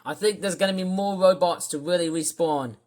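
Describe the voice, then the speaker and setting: A YouTuber doing reaction commentary, ranting with name-calling and swinging between loud shouting and low muttering. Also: fairly quick. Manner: name-calling, repeats catchphrases. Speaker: YouTuber reacting to a live stream.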